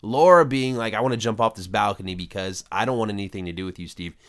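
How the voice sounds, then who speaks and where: A man with a fairly low voice talks through an episode recap in an easygoing, rambling way. His delivery is casual podcast chat, loose and full of small fillers. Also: fast, fairly bright tone. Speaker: podcast co-host.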